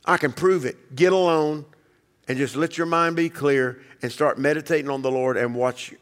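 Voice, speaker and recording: A man preaching a sermon as pastor, emphatic, acting out quoted voices and dropping low to quiet passages. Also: normal speed, long reverb tail.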